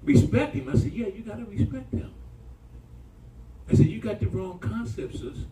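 Male pastor, sermon, animated storyteller, dark mellow tone, distant mic, echoey church. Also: high voice, normal speed. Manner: animated, colloquial, calls out to the congregation. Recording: echoey room from far off.

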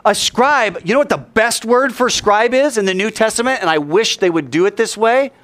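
Animated joking preacher man. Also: high-pitched, moderate pace. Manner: animated, jokey, acts out quoted voices. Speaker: pastor. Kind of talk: sermon.

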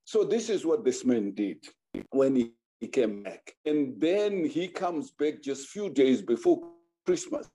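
A man's voice: medium pitch, sing-song, unhurried, mellow. A man telling a folk tale aloud, acting out the characters with animation. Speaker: storyteller. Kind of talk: oral folk storytelling.

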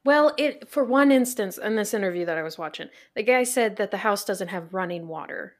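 An American woman co-hosting a casual podcast chat, talkative and quick to laugh. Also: medium pitch, expressive. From United States. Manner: chatty, laughs often. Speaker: podcast co-host.

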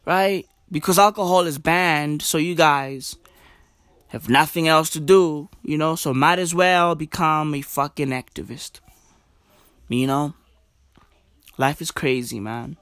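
Slow, profane man ranting. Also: fairly bright tone, dry recording, clean studio sound. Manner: profane, slangy, exasperated; drops to low mutters and jumps up high for emphasis. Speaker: vlogger. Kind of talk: casual ranting commentary.

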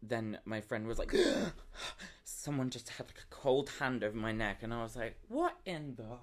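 A young man spinning a long story for his podcast co-host. He talks in a loose, animated way, laughs between lines and jumps into quoted voices, and his pitch sits in the middle range for a man. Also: normal speed. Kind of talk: casual storytelling chat.

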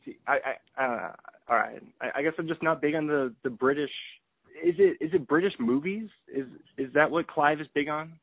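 A man co-hosting a relaxed movie podcast, chatting in an easygoing way with lots of restarts and quick laughs. His voice comes through thin and tinny, like a phone line, with no room sound. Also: on the high side, gravelly, no echo. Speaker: podcast co-host. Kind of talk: casual movie podcast chat.

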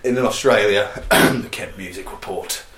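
A man co-hosting a casual chat about pop charts, jokey and quick to laugh. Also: on the low side, fairly bright tone, echoey room. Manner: jokey, laughs often, puts on silly voices. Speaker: podcast co-host.

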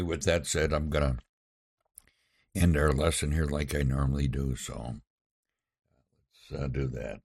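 Male podcast Bible teacher, very deep and husky, folksy and halting delivery. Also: dry recording, studio quality. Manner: folksy, halting, with many pauses. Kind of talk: informal Bible lesson.

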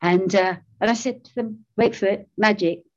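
A middle-aged woman shares her recovery story in a candid, self-mocking way, laughing often. Her voice sits at an ordinary pitch. The recording is slightly muffled and lo-fi. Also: normal speed. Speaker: speaker sharing recovery story. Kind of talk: personal testimony talk.

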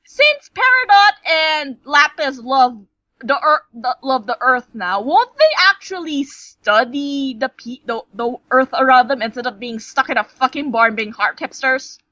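A young woman with a high, bright voice rambles through a casual chat, tripping over her words and cursing as she goes. The sound is dry and a little dull, like a cheap home mic. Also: animated, measured pace, no room sound. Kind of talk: casual ranting chat about a cartoon.

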